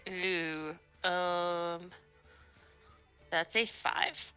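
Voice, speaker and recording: Woman, tabletop player, low pitch, smooth, crisp voice. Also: flat delivery, drawn-out words, sharp tone, faint music behind. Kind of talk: casual chat in a tabletop game.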